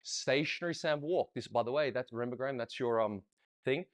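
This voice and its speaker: A man's voice: medium pitch, fast talker. A middle-aged man teaching a casual online dance lesson, chatty, counting rhythms aloud and scatting the beats. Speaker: dance coach.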